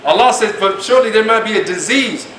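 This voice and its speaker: High-voiced man lecturing in an echoey room. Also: lively intonation, fast, fairly bright tone. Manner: emphatic, colloquial, acts out quoted speech. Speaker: Islamic class teacher. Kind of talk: classroom lecture. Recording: echoey room, mic at a distance, faint noise.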